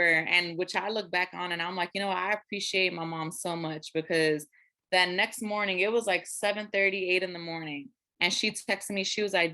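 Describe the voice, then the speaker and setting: A young woman co-hosting a podcast, telling a personal story in relaxed casual chat. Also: lowish voice. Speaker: podcast co-host.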